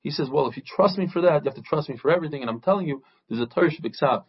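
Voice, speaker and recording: A husky man with a fairly high voice teaches a daily Talmud lesson. He retells its stories with energy and briefly acts out each quoted speaker. The recording sounds dull and lo-fi. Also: rapid-fire. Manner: lively storytelling, acting out quoted speakers.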